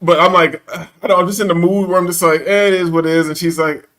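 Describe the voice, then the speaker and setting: A man's voice: high-pitched, fairly even intonation, fast talker, a bit bright. A man telling a story in casual chat, acting out the quotes and laughing often, with profane slangy banter.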